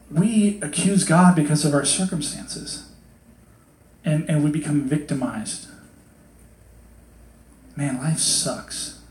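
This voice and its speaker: Male pastor, slightly high voice, loose chatty sermon, plays out quotes in voices, echoey hall. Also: a little mellow. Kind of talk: casual sermon. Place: hot hall with a congregation.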